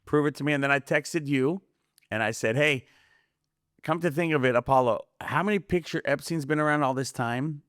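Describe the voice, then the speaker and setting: A man's voice: fairly high pitch, moderate pace, a bit bright, no room sound, clean studio sound. A man talking casually as a guest on a podcast, rambling from story to story and acting out the voices of people he quotes. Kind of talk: casual conspiracy podcast chat.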